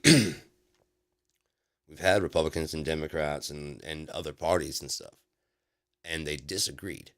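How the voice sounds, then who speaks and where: A man's voice: extremely low pitch, a little slow, vocal fry, fairly bright tone. A man hosting a livestream, ranting about politics in a profane, sarcastic way with many restarts. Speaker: livestream host. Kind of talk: casual political rant on a livestream.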